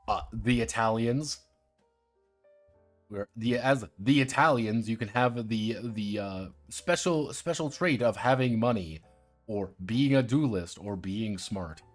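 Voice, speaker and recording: A man's voice: on the low side, a little slow, soft background music. A man casually reviewing tabletop roleplaying games on a stream, irreverent and sardonic, swearing freely and walking viewers through the rules. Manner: talks viewers through rule details. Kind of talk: casual livestream commentary.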